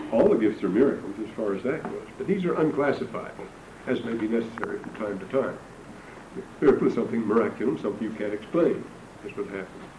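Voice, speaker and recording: Talking fast with lively intonation, an older religion lecturer with a warm, lowish voice teaches a classroom on scripture. He wanders into anecdotes and digressions with dry humor, and the recording is roomy and distant, with background noise.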